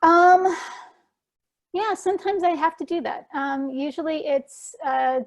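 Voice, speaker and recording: A woman's voice: sits high, a little slow. A woman answering questions at an online talk in a chatty way, with lots of fillers and restarts. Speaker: guest speaker answering questions. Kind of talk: casual conference Q&A.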